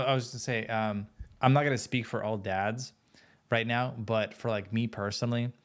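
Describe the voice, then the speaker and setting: A man in his thirties, a podcast guest, talking frankly and with self-mocking humor. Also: on the low side. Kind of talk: casual podcast chat.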